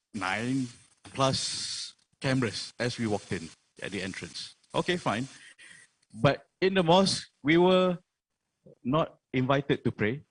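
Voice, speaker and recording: A Malaysian man speaking as a forum panelist, earnest and full of fillers, slipping Malay phrases into his English. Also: medium pitch. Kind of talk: forum talk. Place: online forum.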